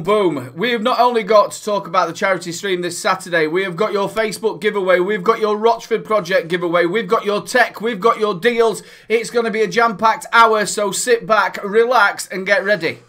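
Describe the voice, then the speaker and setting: A high-pitched man with a Northern English accent hosts a casual live-stream chat. He talks in a chatty, upbeat way and keeps the banter rolling. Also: moderate pace, hardly any pauses, sharp tone. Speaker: host.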